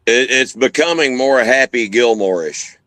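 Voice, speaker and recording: A man's voice: mid-range voice, moderate pace, pushed and bright, no echo. Plain-spoken man, dry sound. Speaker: co-host. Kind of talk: casual chat.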